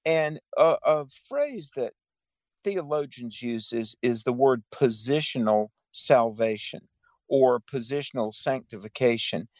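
Man, radio Bible co-host, fervent, theological, mid pitch, dry studio sound. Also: measured pace, dry recording. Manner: fervent, theological, frequent amens. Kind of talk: conversational Bible teaching.

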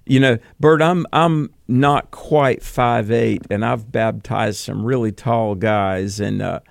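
A man co-hosting a Bible call-in radio show, talking earnestly and quickly with plenty of fillers. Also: mid-range voice, gravelly, dry recording, studio quality.

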